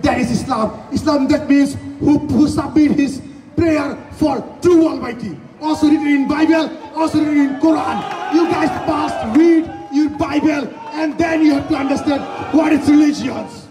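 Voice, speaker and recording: A man shouts a fiery protest speech, his voice pushed very high and strained as he hammers the same challenge over and over. He is caught from well back, the sound ringing with a long echo, and a crowd murmurs faintly behind him. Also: normal speed. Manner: shouting, indignant, repeats rhetorical challenges. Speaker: protest speaker. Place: outdoor rally. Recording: echoey distant rally recording. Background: faint crowd and ambient noise.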